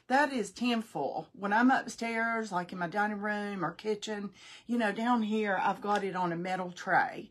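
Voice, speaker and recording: A woman's voice: mid-range voice, normal speed. A middle-aged woman casually demonstrating a craft live, chatting folksily, thinking aloud and greeting viewers by name.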